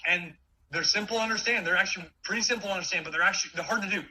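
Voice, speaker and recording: A man in his forties giving an energetic motivational talk, with many quick restarts. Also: high voice, slight background noise, low-quality recording. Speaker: keynote speaker.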